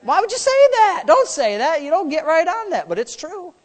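A man preaching a sermon as pastor, repeating phrases in a rhythm, calling for amens, and swinging between hushed asides and loud outbursts. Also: extremely high pitch, big pitch swings, moderate pace. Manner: repetitive, rhythmic phrasing with calls for amen.

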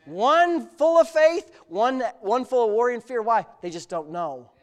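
A man preaching a sermon as pastor, moving between quiet storytelling asides and loud, fervent exclamations. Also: extremely high pitch, lively intonation, unhurried. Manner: storytelling with humor.

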